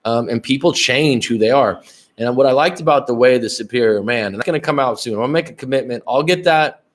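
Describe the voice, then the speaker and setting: A man's voice: mid-range voice, quick pace. A middle-aged man coaching on dating in a casual livestream, blunt and profane, rambling with restarts and talking straight to viewers in the chat.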